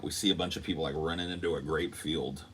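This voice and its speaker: A man hosting a podcast, telling a dream in a loose, animated way, acting out quotes and swearing freely. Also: extremely low pitch, quick pace, slight background noise. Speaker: podcast host. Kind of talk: casual storytelling.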